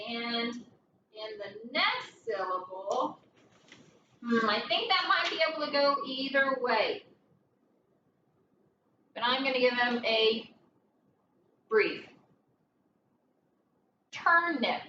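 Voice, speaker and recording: A woman teaching a phonics lesson, slowly working through each word aloud and thinking it over as she goes. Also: sits high, lively intonation, bright, forceful tone. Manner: slow, deliberate, thinking aloud. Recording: dull, roomy, distant mic with faint noise.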